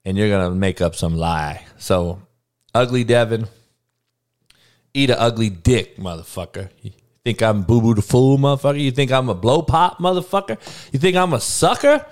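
A man's voice: medium pitch, expressive, moderate pace. A male livestream host ranting to his live chat, profane and rambling, with many restarts. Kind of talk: casual unscripted rant to a live chat.

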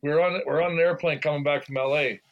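An older man talks as a podcast guest in a slightly high voice. He restarts and repeats words as he recalls old road-trip stories, laughing along the way. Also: steady tone, fast, lo-fi sound. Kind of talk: casual interview chat.

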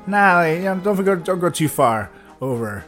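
A man's voice: high voice, moderate pace, soft background music. A man co-hosting a podcast, talking casually with frequent swearing and laughter. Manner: animated, swearing, laughing often. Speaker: podcast co-host.

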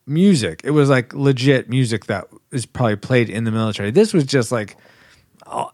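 A man co-hosting a casual podcast, animated and laughing often as he reads out listener comments. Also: mid-range voice, fairly quick, dry recording, clean studio sound. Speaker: podcast co-host.

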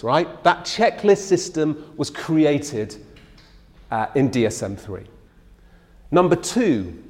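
A man's voice: a little high, a little mellow, big-room sound. A man giving a public lecture in a conversational, storytelling way, acting out the people he quotes.

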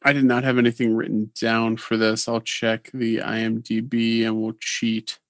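Podcast co-host, male, gravelly, dry close sound, easygoing review chatter. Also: fairly low pitch, monotone, moderate pace, fairly bright tone, dry recording. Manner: laid-back, conversational, gives scores. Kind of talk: casual chat reviewing a TV episode.

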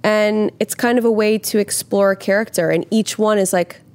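Young actress gabbing on a podcast, swears a lot, jumps into voices for quotes. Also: female voice, mid-range voice, normal speed. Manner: animated, swearing, acts out quotes in lively voices. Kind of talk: casual chat.

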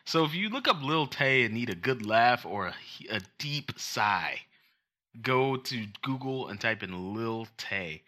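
Young man, podcast co-host, very bright forceful tone, casual chat, passionate ranting. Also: medium pitch, unhurried. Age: young adult. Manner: animated storytelling, mocking put-on voices; rants with passion.

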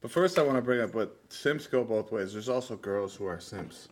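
A man on a casual podcast, telling crude stories in a joking, animated way. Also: fairly low pitch, moderate pace. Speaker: podcast guest. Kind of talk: casual storytelling chat.

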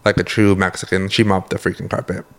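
Low-pitched and a bit bright, his voice stays level as he speaks fast. This podcast co-host, who works in medicine, chats casually, rambling through stories, laughing and correcting himself along the way.

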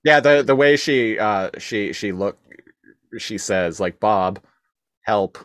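A man with a fairly low voice co-hosts a relaxed conversation. He hesitates often, restarts his sentences and laughs between thoughts. The recording is close and dry, with no room sound. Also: no room sound. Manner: halting, many fillers and restarts, laughs often. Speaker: podcast co-host. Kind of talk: casual chat.

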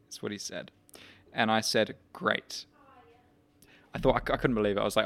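A man's voice: fairly low pitch, normal speed, pauses often. A man co-hosting a podcast, telling an anecdote in casual banter and laughing often. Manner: animated storyteller, laughs often. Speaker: podcast co-host.

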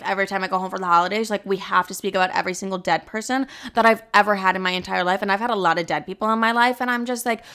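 A woman's voice: mid-range voice, pushed and bright. A woman in her twenties hosting a casual solo podcast, chatty and dramatic, swearing freely. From Chicago. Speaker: podcast host.

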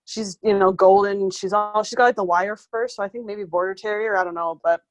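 A woman's voice: mid-range voice, fairly even intonation, a little fast. Woman, pest control worker, casual chat, rambling, lots of fillers. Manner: chatty, rambling, many fillers.

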